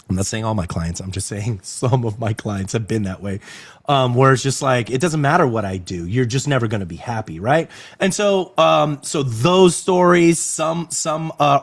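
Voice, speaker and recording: A man chatting as a guest in a club interview, his voice sitting at an ordinary pitch. He talks in an animated, rambling way, full of fillers and restarts. The sound is dry and close, with no room echo. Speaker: interview guest, actor and agency owner. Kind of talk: casual interview chat. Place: club venue indoors.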